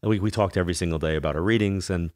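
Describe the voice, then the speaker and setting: A man talking as a guest on an interview show, telling animated stories and acting out the people he quotes. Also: deep voice, rapid-fire, no room sound, clean studio sound. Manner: animated storyteller who acts out quoted voices. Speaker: psychic medium guest. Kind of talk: casual interview storytelling.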